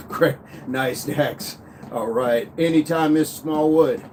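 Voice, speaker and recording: A man's voice: fairly high pitch, extremely slow. A man in his thirties hosting a live fitness stream, walking on a walking pad as he reads viewer comments aloud in an upbeat, chatty way. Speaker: fitness livestream host. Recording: faint background noise.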